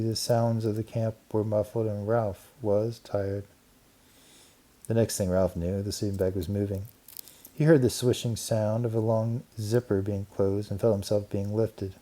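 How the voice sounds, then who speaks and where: A man gently and expressively narrating a children's storybook. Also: on the low side, steady tone, a little slow. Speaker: audiobook narrator.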